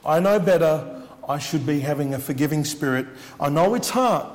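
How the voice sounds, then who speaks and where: A man's voice: a little high, expressive, normal speed, big-room sound. A man preaching a sermon as he shares his testimony, earnest and repeating his words for emphasis.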